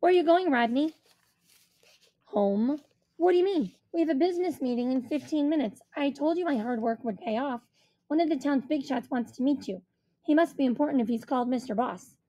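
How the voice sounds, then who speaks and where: A woman's voice: sits high, animated, a little fast, dark tone, pitched above the performer's own voice. A woman voicing a self-assured schoolboy who talks like a business agent, with eager salesman patter, in a storybook reading. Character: confident fast-talking schoolboy who acts like an agent.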